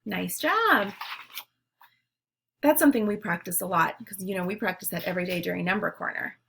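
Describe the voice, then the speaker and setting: A woman teacher leading young children through a phonics lesson, giving words slowly and clearly for them to repeat. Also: medium pitch, animated, fairly bright tone, a little hiss or hum. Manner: slow, clear, leading call-and-response drills.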